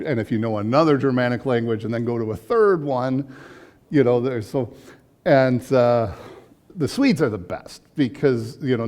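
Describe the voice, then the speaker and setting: A man's voice: medium pitch, a little mellow. Chatty man teaching a church class. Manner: chatty, frequent fillers and restarts. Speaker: adult education class teacher. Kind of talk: casual classroom lecture.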